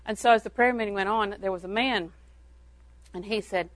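An older woman speaks in a folksy, homespun storytelling manner, chuckling now and then as she moves from one anecdote to the next. Her voice sits at an ordinary middle pitch for a woman. The sound is dry and close, with no room echo. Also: fairly quick. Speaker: church speaker on parenting. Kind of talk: folksy storytelling talk to an audience.

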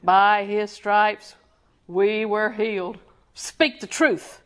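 A woman's voice: medium pitch, fairly even intonation, extremely slow, smooth. A woman preaching a sermon with rhythmic repetition, quizzing her congregation and chuckling between points.

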